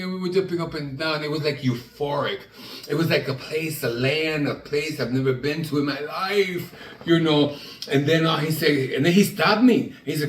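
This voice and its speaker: A man telling a personal story in a lively way, acting out the people in it and often trailing off and starting over. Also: a little high, moderate pace, slight background noise. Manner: animated, acts out the people in his story; trails off and restarts. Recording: echoey room, from a distance.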